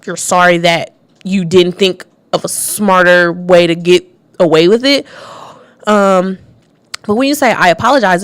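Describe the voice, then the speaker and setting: A woman with a fairly low voice talks through a topic on a radio show, thinking out loud and reading bits from her notes. She pauses on fillers and restarts her sentences. The sound is dry and close, with no room around her. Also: no room sound.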